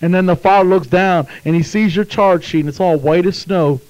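A man delivers a sermon in a high voice. He drops to a hush while telling a story, then climbs to fervent shouts. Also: fairly quick, muffled recording. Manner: impassioned, swings from hushed to shouting. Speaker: preacher.

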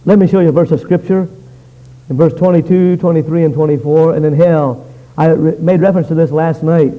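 A man's voice: a little fast, dull audio. Fiery preacher man. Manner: impassioned, swings between loud pleading and low intensity. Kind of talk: fiery revival sermon.

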